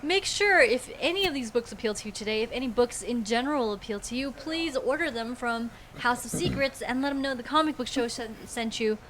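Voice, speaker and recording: A woman's voice: a little high, expressive, a little fast, hardly any pauses, fairly bright tone, slight background noise. A woman hosting a live comic book show, running the rounds and reading sponsor plugs in an upbeat, announcer-like manner. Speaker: show host.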